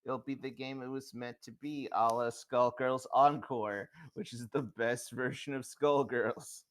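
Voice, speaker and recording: A man's voice: mid-range voice, steady tone, fairly bright tone. A young man chatting on a stream with a friend, swearing freely and joking around. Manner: slow, swears a lot. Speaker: co-host friend. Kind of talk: casual chat on stream.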